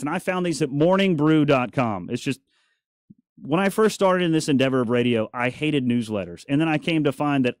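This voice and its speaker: Guy hosting talk radio, kinda high voice, super dry close mic, jokey and opinionated. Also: no echo. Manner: chatty, opinionated, jokey asides. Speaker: radio talk show host. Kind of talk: casual talk radio monologue. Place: radio studio.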